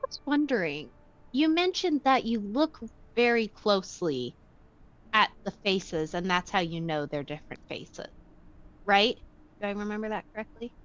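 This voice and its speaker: Woman, player, playful, mid-pitched, slightly muffled sound. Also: animated, normal speed, a bit bright. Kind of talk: casual game chat.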